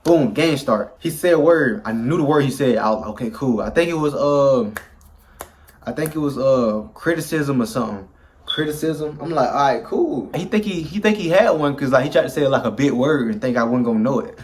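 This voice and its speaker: A young man telling a story in casual slang, animated and acting out the people he quotes. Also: medium pitch, fairly quick. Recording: loud background music.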